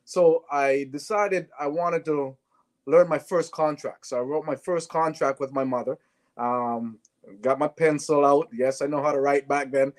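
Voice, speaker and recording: A Canadian former sprinter turned businessman appears as a guest on an interview show, speaking a little high and unhurried. He's animated, telling stories and acting out the dialogue in them.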